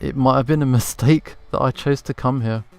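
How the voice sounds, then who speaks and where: A man's voice: medium pitch, fairly even intonation, brisk, soft background music. A man commentating his game playthrough, thinking aloud and second-guessing himself. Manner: thinking aloud, self-doubting. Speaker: let's play gamer.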